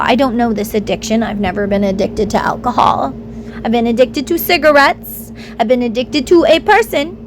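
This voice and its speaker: High-voiced woman venting candidly. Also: expressive, normal speed, a little hiss or hum. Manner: emphatic, rambling, acts out quoted voices. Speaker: vlogger. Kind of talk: candid personal monologue.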